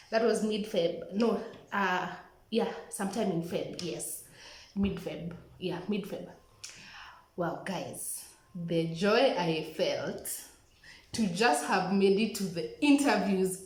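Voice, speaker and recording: A woman's voice: medium pitch, slow. Chatty young Kenyan woman, echoey room. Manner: chatty, animated retelling with acted-out quotes, addresses viewers as "guys". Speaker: vlogger telling her scholarship story. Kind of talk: casual storytelling to camera.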